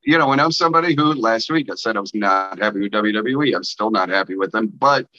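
A man co-hosting a podcast in casual chat, profane and excitable, sliding from low muttering to loud rants. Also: quick pace. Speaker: podcast co-host. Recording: dull lo-fi sound.

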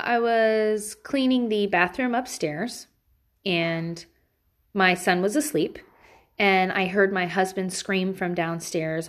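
A woman in her thirties at a mid-range pitch, talking frankly about raising kids. She tells loose, casual stories and swears without a second thought. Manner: candid and frank, swears freely. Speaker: parent giving parenting advice. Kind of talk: casual personal storytelling.

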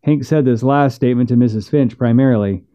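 A man narrating a western story in a measured, steady way. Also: medium pitch, lo-fi sound.

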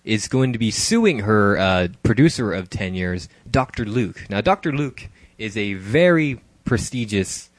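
A man's voice: on the low side, lively intonation, measured pace, no room sound. A man co-hosting a casual podcast chat, loose and joking, laughing often. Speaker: podcast co-host.

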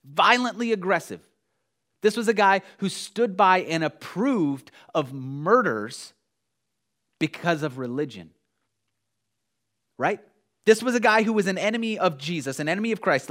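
Male pastor mid-sermon, somewhat high voice, emphatic delivery with quiet drops and repeated lines. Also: animated, moderate pace. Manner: emphatic, swings from hushed lows to raised exhortation; repeats key phrases for emphasis.

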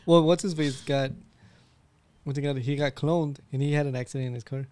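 A man's voice: mid-range voice, fairly even intonation, fairly quick, darkish tone. A man co-hosting a podcast, talking in laid-back banter full of swearing. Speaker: podcast co-host. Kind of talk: casual chat.

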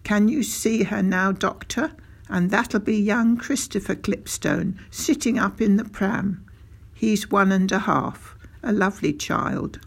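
A sly country father who runs a filling station, proud and confiding as he talks, with a slow, gravelly, husky voice, as a storyteller plays him. He takes his time over every word. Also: mid-range voice.

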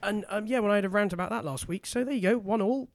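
A woman's voice: medium pitch, fast, no echo. A British woman co-hosting a casual chat, with wry, teasing banter. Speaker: podcast co-host.

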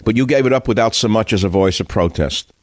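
A man's voice: lowish voice, fast, no room sound, studio quality. A man hosting a radio talk show, delivering an indignant monologue full of rhetorical questions.

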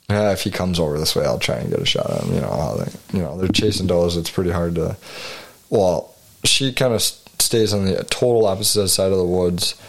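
A man's voice: low voice, vocal fry. A man co-hosting a podcast, rambling through a hunting story in casual chat with frequent swearing. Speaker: podcast co-host.

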